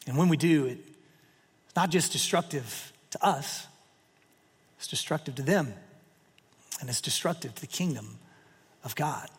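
A man preaching a sermon and retelling a parable with animated, emphatic repetitions. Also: on the high side, unhurried, long pauses, slightly rough. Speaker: pastor. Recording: long reverb of a hall.

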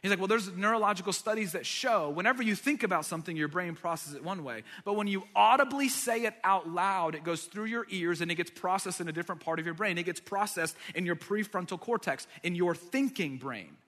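A man preaching a sermon as pastor, emphatic and energetic, building to loud declarations. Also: high voice, brisk, few pauses, long reverb tail. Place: church sanctuary.

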